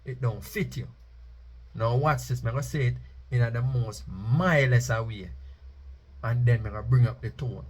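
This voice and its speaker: A man preaches in an emphatic monologue. His voice is husky and rough at the edges, and he sits at an ordinary middle pitch. He slows down to chant key phrases for effect. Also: a little mellow. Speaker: Rastafari speaker.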